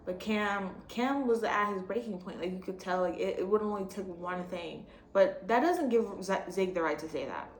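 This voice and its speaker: A young woman in casual chat as a vlogger, blunt and animated, swearing freely as she rants. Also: medium pitch, moderate pace, hardly any pauses. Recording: echoey room with faint noise.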